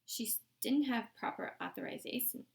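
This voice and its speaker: A woman's voice: fairly high pitch, moderate pace, vocal fry, a little mellow. A woman voicing a lying, defensive female camp warden who makes excuses.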